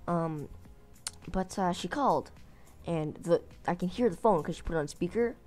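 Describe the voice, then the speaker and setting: A woman with a fairly low-pitched voice tells a story in a casual vlog. She rambles, trips over her words and corrects herself often. Faint music plays behind her. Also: animated, normal speed, a little mellow. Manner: rambling, lots of fillers and self-corrections. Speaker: gaming channel host.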